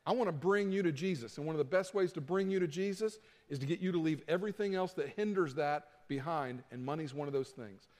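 A middle-aged pastor delivers his sermon in an earnest, conversational way, acting out what others might say. His voice sits a touch high for a man. A long reverb from the church sanctuary trails every phrase. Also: brisk, hardly any pauses, a little mellow. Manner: earnest, conversational preaching with quoted asides.

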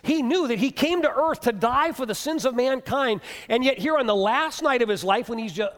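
A male pastor preaching a sermon, telling a story with animation and dropping to hushed tones. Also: extremely high pitch, moderate pace. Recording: long reverb of a hall.

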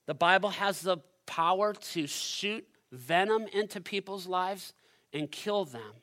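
A male pastor preaching a sermon at a church service, talking straight to the congregation and swinging from loud, driving passages to hushed ones. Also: high-pitched, expressive, a little slow. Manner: addresses the congregation directly.

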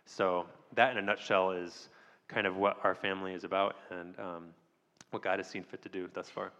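A man speaking as a missionary guest, measured and hesitant with many pauses. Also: low voice, level tone, fairly bright tone, muffled recording. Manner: measured, many ums, restarts. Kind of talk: church interview answer. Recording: long hall reverb.

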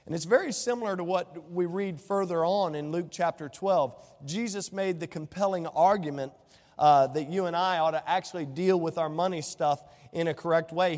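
A man's voice: fairly high pitch, normal speed, a little mellow, in a large hall. A male pastor preaching a sermon, quoting scripture and asking the congregation rhetorical questions.

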